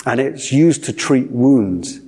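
A male preacher delivers a sermon in a husky, slightly breathy voice. He repeats key lines for weight and keeps putting questions to his listeners. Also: medium pitch, expressive, slow, warm tone. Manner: repetitive, emphatic, asks the audience questions.

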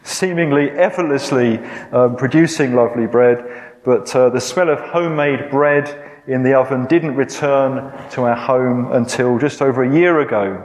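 A man in his sixties, a preacher telling a story in a sermon, self-deprecating and gently humorous, with many fillers. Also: mid-range voice, moderate pace. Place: church hall. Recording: echoey hall.

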